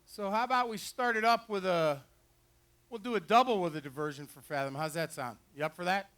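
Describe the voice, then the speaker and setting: Here the dog trainer and host, a man, demonstrates retrievers at an outdoor fair's pond and dock, his folksy wisecracks carried by a handheld or headset mic. The voice is high, fairly quick, and somewhat bright.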